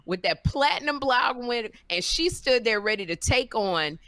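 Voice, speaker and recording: Bright, dry-voiced woman telling stories. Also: fairly high pitch, normal speed, no room sound. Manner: lively storyteller, acts out quoted voices, laughs loudly. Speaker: podcast co-host and comedian. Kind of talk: casual chat, animated storytelling.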